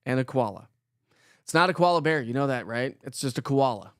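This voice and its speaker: A man's voice: mid-range voice, animated, a little fast, clean tone, no room sound, studio quality. Chatty man hosting a weather livestream. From Colorado. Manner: chatty, upbeat, jokey, greets viewers by name. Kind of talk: casual live-stream chat reading viewer comments.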